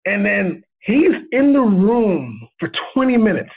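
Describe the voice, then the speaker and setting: A man telling a story as a guest in a casual interview, animated and excitable and laughing often. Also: high voice, unhurried, husky. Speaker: guest cinematographer. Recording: tinny phone-line sound.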